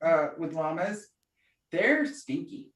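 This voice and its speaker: A woman's voice: low voice, slow. A woman co-hosting a podcast, telling a story in casual chat and acting out the voices of the people in it. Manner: chatty, animated storyteller, acts out quoted voices. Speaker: podcast co-host. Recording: echoey room, distant mic.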